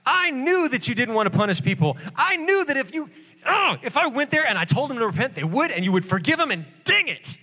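A man's voice: very animated, brisk, bright, forceful tone, heavily acted. A man putting on a whiny, sulking prophet. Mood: whining. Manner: complaining, exasperated, high-pitched whine. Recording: long hall reverb.

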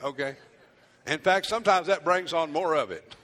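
A pastor preaching a sermon, animated and playful, acting out his congregation in asides. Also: on the high side, normal speed. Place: church hall. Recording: church hall reverb.

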